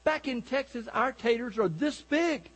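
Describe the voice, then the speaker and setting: A man's voice: very high-pitched, expressive, measured pace, pitched above the performer's own voice, full character voice. A man voicing a brash, boastful Texan visitor in a joke told during a sermon. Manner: loud, boastful drawl. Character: brash bragging male Texan farmer-visitor.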